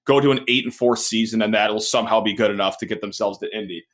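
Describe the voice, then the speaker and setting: A man's voice: lowish voice, fairly even intonation, fast. A man guesting on a sports podcast who chats casually, playful and sarcastic, laughing often.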